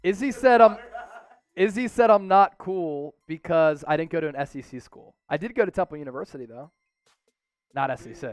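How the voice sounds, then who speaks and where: Speaking a little fast, this Philadelphia-accented man hosts a live sports stream in casual chat, his voice smooth, resonant, and pitched fairly high. Viewer donations set him off into excitable, loud hype. The sound is dry and close with no room sound, and faint music plays beneath him.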